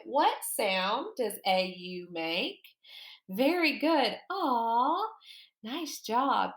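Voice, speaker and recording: A woman teaching a phonics lesson to young children, sounding out letters slowly and praising often. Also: fairly high pitch, roomy sound.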